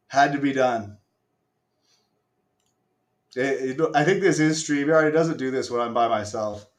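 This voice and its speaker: A man's voice: medium pitch, reverberant. A man hosting a live stream, casually walking viewers through a game demo with self-mocking asides and the odd swear. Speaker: stream host.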